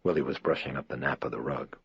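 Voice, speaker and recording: Deep husky man reading horror. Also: steady tone, a bit bright. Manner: measured, somber reading. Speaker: audiobook narrator. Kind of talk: scripted horror narration. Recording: dry, slightly dull lo-fi recording.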